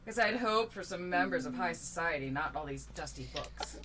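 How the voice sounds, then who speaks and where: A woman's voice: on the low side, lively intonation, a bit bright, a little hiss or hum. A woman playing a tabletop game, amused and laughing easily as she describes her moves. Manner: drawn-out, amused, giggly delivery. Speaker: player. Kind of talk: casual tabletop play.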